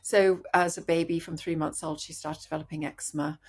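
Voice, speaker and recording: A woman's voice: low voice, a little fast, husky. Earnest middle-aged woman doctor. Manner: animated, earnest, frequent restarts. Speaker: doctor guest. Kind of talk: interview storytelling.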